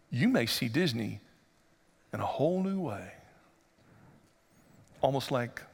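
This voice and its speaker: A man preaching a sermon as pastor, conversational and joking, then rising to loud emphatic passages. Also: medium pitch, sing-song, slow, gravelly, pauses often, husky, big-room sound.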